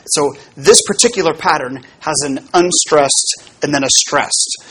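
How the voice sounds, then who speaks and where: A man, a pastor, giving a relaxed teaching talk to his congregation about how hymns are built, explaining with fillers and small asides. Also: on the high side, unhurried, slightly rough.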